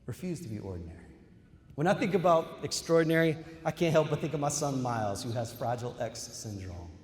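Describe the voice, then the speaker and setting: A middle-aged man delivers a ceremony keynote speech in a large hall, telling a story and calling the audience "y'all." His voice is slightly high, slightly fast, and darkish in tone, with the echoey hall adding long reverb.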